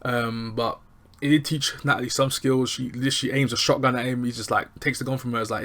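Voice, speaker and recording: Man, casual show review, lively, acts out quotes, mid pitch. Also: brisk. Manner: animated, chatty, acts out quotes. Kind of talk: casual recap video.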